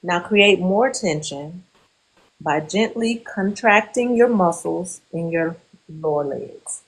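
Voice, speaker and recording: Woman therapist, slow unhurried delivery, calm guided relaxation instructions, group session over a video call. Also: lowish voice, rough recording.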